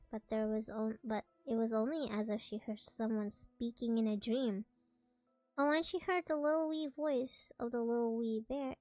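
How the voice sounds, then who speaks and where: A woman's voice: fairly high pitch, darkish tone, dry recording, poor audio. A young woman streamer reading a storybook aloud, playful and giggly, correcting herself as she goes.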